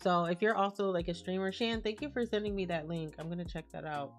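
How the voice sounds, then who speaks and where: Chatty livestreamer woman, lowish voice. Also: fast talker, soft background music. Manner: chatty, reads and answers chat messages. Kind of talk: casual live-stream chat.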